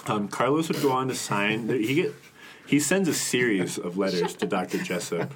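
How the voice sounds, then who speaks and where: A man telling a story on a casual podcast, halting with ums and laughing often. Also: on the low side, expressive.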